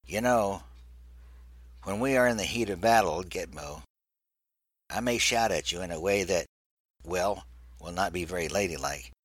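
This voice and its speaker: A man's voice: low-pitched, moderate pace, long pauses, dry recording. A man voicing a woman gunner's mate who is firm and commanding but kind.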